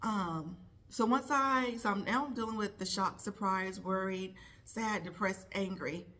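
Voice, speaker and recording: Emotional woman vlogger, halting and heartfelt. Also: mid-range voice, pushed and bright. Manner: heartfelt, halting, pauses, repeats words. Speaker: vlogger, nurse. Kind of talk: personal vlog talk to camera.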